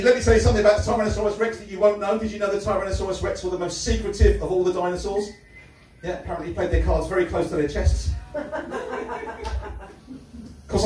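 Man, Cockney accent, stand-up comedian, deadpan delivery, echoey club, distant mic. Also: high-pitched. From London. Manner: deadpan one-liners with punchline pauses. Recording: echoey room, heard from a distance.

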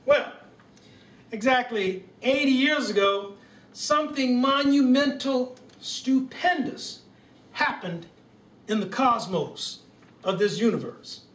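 A man doing a comic impression of a US president at home, giving a drawn-out formal welcome speech with deliberate stumbles. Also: extremely high pitch, animated, fairly bright tone, heavily acted. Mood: stately. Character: male US president impression, stately and slow. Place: home living room. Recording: roomy room sound from a distant camera.

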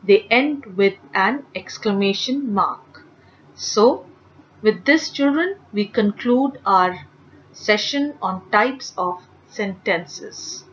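A woman teacher walks children through a grammar lesson, reading each example sentence slowly and deliberately. Her voice comes through a slightly dull recording with a faint hiss underneath. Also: mid-range voice, a bit bright. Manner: slow, careful, clearly enunciated reading of example sentences.

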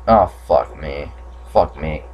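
A man's voice: very deep voice, takes it slowly, lo-fi sound. A young man commenting on a horror game playthrough, swearing often and yelping when startled. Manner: swears a lot, jumpy and startled. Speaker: gamer.

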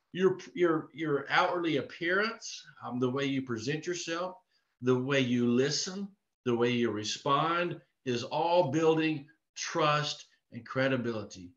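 A man's voice: a little high, normal speed, pushed and bright. A man from Texas giving a live online sales training, earnest and repetitive in his coaching. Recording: echoey room, dull lo-fi sound.

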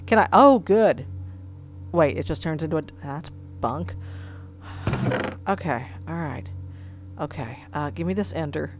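Over a noisy background and music, a woman talks in a low, unhurried voice with long pauses. She's narrating her computer game as a let's play, cursing in frustration and then attempting to tone her language down.

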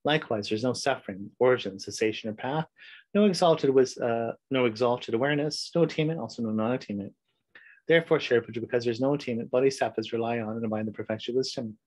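A man teaching a recorded meditation class, chatting loosely with fillers before reciting a sutra in a steady voice. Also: medium pitch, fast talker, dry recording, low-quality recording. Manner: relaxed, rambling intro with fillers, then steady recitation. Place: home, recording solo before travel.

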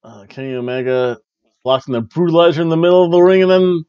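A man hosting a wrestling review podcast, recapping a show in casual chat and slipping into quick mimicry of wrestlers. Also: on the high side, clear, resonant tone, no room sound, lo-fi sound. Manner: animated, mimics wrestlers and announcers in quick asides.

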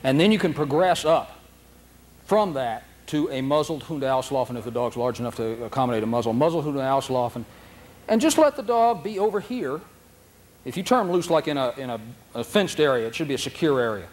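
Speaking briskly at a medium pitch, a man leads a dog training seminar in a folksy, lively manner. He plays out the dogs' inner thoughts with silly voices, and the lecture was captured on a noisy old video tape.

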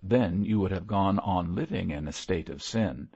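A man's voice: low voice, normal speed, a little mellow, breathy edge. A man voicing a fervent lay preacher who pleads and lectures in a grave, preachy manner. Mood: earnest. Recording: muffled lo-fi recording.

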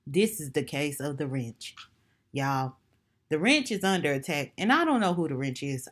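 A woman voicing a pompous self-appointed defense attorney, pushing her voice deliberately low for a comedic courtroom parody. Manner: deliberately lowered deep voice.

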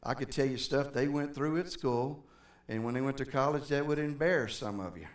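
A middle-aged man preaches briskly in a mid-range voice, serving as pastor in a church sanctuary. His tone is conversational as he calls out to the congregation, and the recording comes from a distance in the roomy church.

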